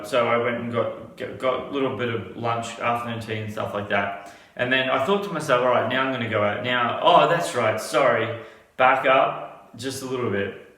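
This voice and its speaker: A man's voice: medium pitch, fairly bright tone. A man telling a casual story, rambling with many restarts. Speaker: vlogger. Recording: echoey room.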